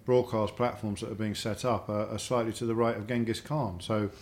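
A middle-aged dinner guest speaks with a fairly low, level, slightly mellow voice at a somewhat fast pace. In a home dining room, he tells stories in casual conversation, repeating words as he works out what to say.

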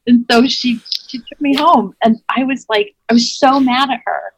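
A woman's voice: fairly high pitch, moderate pace, few pauses, husky, no echo, poor audio. A woman, an improv actor, telling a wild personal story in a chatty way, full of "like" and acted-out quotes. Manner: chatty, lots of "like", acts out quotes. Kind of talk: animated personal anecdote.

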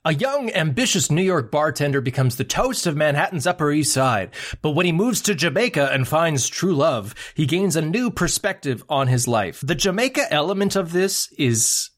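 Animated, laughing podcast host man. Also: a little high, normal speed, hardly any pauses. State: drinking, getting tipsy. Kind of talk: casual comedic chat.

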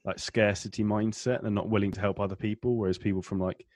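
A man's voice: on the low side, level tone, fast talker, a little mellow. A man hosting a casual interview and asking open, conversational questions. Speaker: podcast host.

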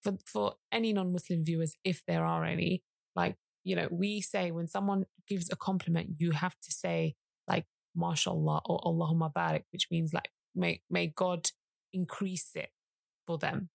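A woman's voice: lowish voice, steady tone, normal speed, gravelly, no echo, clean studio sound. A young woman co-hosting a casual chat podcast, talking earnestly with many fillers. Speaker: podcast co-host.

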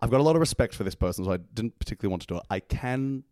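A man guest in a comedy persona, telling absurd stories in a dry, rambling deadpan. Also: medium pitch, rapid-fire, no echo.

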